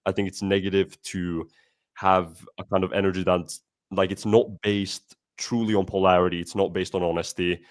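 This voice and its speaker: A man's voice: low voice, flat delivery, normal speed. A man hosting a casual podcast chat, emphatic, often calling his guest "bro".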